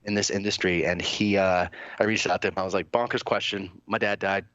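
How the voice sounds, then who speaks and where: Deep-voiced man telling a rambling story. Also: fairly even intonation, fairly quick, fairly bright tone, no echo, lo-fi sound. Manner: rambling, profane, lots of fillers and quoted dialogue. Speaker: podcast host. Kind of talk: casual storytelling chat.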